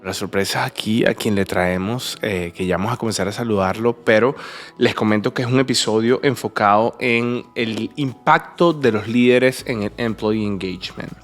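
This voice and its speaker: A man's voice: lowish voice, brisk, faint music behind. Man hosting a bilingual podcast. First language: Spanish. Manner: enthusiastic, repeats and restarts, slips between languages. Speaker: podcast host.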